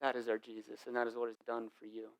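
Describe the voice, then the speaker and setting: A young adult man, the lead pastor of a church, preaching a sermon in an animated, casual storytelling way with lots of slang. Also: medium pitch, fast, smooth.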